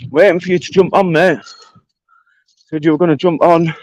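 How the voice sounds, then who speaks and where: A man's voice: on the high side, fairly even intonation, normal speed, no room sound, dull audio. A British man ranting on a livestream, confrontational and swearing heavily. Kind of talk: angry livestream rant.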